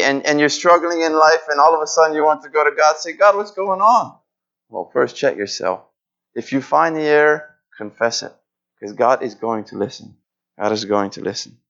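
A man's voice: medium pitch, a bit bright, muffled recording. A man preaching a sermon in an earnest way, repeating phrases and acting out pleading prayers.

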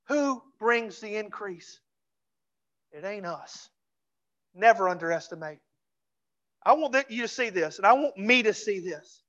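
A pastor preaching a sermon in a church, fervent and repeating phrases for emphasis, dropping to a hush for closing pleas. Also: mid-range voice, animated, measured pace, long pauses, dull audio. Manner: drops to a hushed voice for closing pleas. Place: church sanctuary.

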